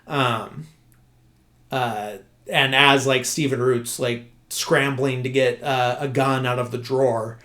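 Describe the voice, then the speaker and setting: A man's voice: mid-range voice, steady tone, takes it slowly, fairly bright tone. A man hosting a podcast who casually retells a film scene by scene, with lots of "uh" and "like" and frequent self-corrections. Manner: rambling, heavy filler words like "uh" and "like"; self-correcting, loses his train of thought. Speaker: podcast host. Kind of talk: casual podcast movie recap.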